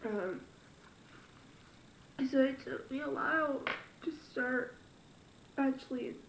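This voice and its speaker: A young woman with a very high voice speaks slowly in a confessional vlog, her nose stuffed up and her words halting and tearful. The room around her rings with echo. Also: expressive, gravelly, far from the mic, a little hiss or hum. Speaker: vlogger.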